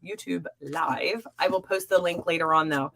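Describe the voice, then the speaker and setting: A young adult woman hosting a live stream as a psychic reader, chatting warmly and encouragingly with viewers. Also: fairly low pitch, fairly even intonation, quick pace, slight background noise. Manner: warm, encouraging and upbeat. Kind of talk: live-stream chat reading viewer comments.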